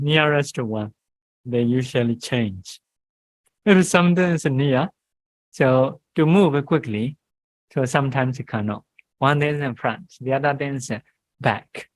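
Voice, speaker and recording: A man, a monk teaching Pali grammar in halting English, reciting syllables and pausing often. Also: medium pitch, low-quality recording. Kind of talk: grammar lesson. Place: meditation centre classroom.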